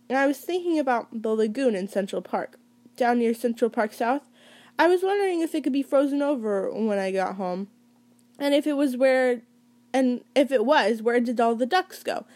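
A woman's voice: a little high, a little mellow. A woman reading a first-person novel aloud in a casual, conversational way, with small slips and restarts. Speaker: reader.

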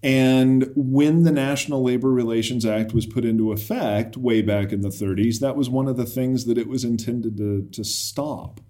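A man co-hosting a podcast, chatting in a playful way and reacting quickly with surprise. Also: mid-range voice, steady tone, dark tone. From United States. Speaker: podcast co-host, labor lawyer. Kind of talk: casual podcast chat.

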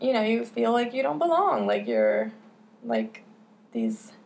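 A woman's voice: on the high side, huge pitch swings, a little slow, gravelly, a little mellow. A young woman hosting a casual podcast, talking candidly, swearing freely and filling her speech with "like" and "you know". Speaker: podcast host.

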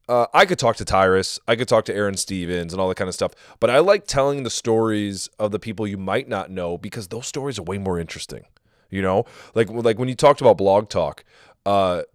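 A man's voice: on the low side, smooth, dry recording, studio quality. A man hosting a podcast, chatting loosely and with profanity in a casual interview. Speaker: podcast host.

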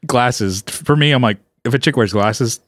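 A man's voice: mid-range voice, moderate pace, no room sound, clean studio sound. Rambling laughing co-host man. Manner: rambling, laughing, swearing storyteller. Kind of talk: casual chat.

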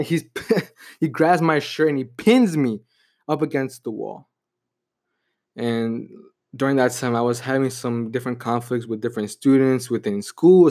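A man's voice: medium pitch, darkish tone. Young man telling a reflective personal story. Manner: reflective, heavy use of "you know" and "like".

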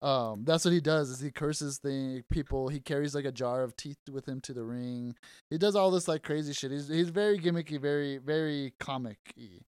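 A man's voice: mid-range voice, normal speed, darkish tone, clean tone, no echo, studio quality. A laid-back man in casual podcast chat, laughing easily. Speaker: podcast co-host.

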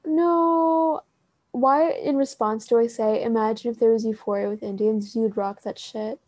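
A teenage girl hosts a casual chat in a higher, warm, mellow voice. She rambles through filler words, swears freely and laughs easily. The sound is dry and close, with no room echo. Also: unhurried. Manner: animated, with frequent laughter. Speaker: podcast host.

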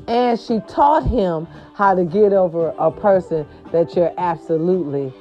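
Speaking a little slowly in a lowish, dark-toned voice, this woman hosts her own show and gossips about celebrities. Her manner is casual and sassy, with slangy asides, over dull lo-fi audio and faint music.

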